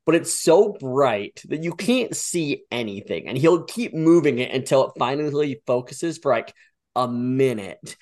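A man's voice: mid-range voice, lively intonation, a little slow, a little mellow. Teasing man hosting a casual podcast. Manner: teasing, laughing banter. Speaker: podcast host.

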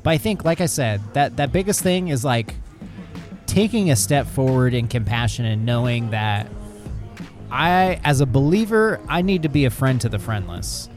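A man with a mid-pitched voice that swoops up and down talks with animation on a faith podcast, chatting easily with his co-host. Faint music runs underneath. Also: big pitch swings, moderate pace. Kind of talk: casual conversation.

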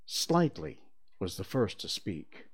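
A man reading a children's storybook aloud in an expressive, theatrical storytelling manner. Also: fairly low pitch, takes it slowly, slightly rough. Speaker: reader.

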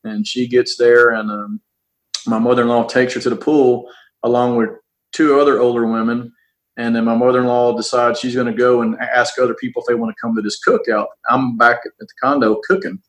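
A man's voice: medium pitch, flat delivery, poor audio. Earnest man telling a hard story. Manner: halting, earnest, repeats words and restarts. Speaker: police officer. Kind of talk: personal storytelling.

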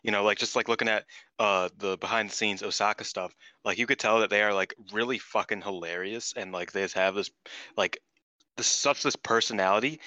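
Excitable, rambling low-voiced man. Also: dry recording. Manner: rambling, excitable, swears often. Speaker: podcast co-host. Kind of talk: casual chat.

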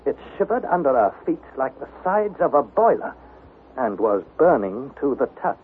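An actor playing an earnest young nephew who narrates a perilous voyage in a 1960s radio drama. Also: male voice, medium pitch, sing-song, normal speed, natural voice. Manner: earnest, anxious, pleading. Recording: tinny, hissy old radio broadcast.

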